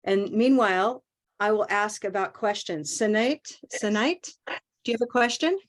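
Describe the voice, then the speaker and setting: A woman teaching an English pronunciation class over a video call, modeling phrases slowly and praising her students. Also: mid-range voice. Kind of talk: online class coaching.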